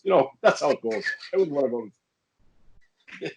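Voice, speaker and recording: A man's voice: fairly high pitch, fairly quick, long pauses, slight background noise, poor audio. A man co-hosting a casual comedic chat, telling stories and acting out the voices of people in them. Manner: animated storyteller, acts out voices in quotes. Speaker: co-host, comedian.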